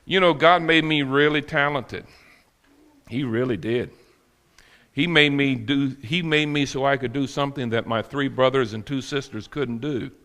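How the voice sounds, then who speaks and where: A man's voice: a little high, bright, forceful tone, big-room sound. A male preacher giving a sermon with folksy, humorous storytelling. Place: church sanctuary.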